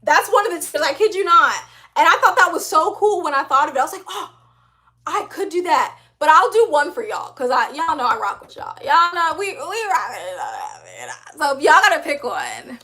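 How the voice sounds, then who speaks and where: A young woman hosting a casual livestream, reading chat comments aloud in an animated, upbeat way with frequent laughs and slang. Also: sits high, a little fast.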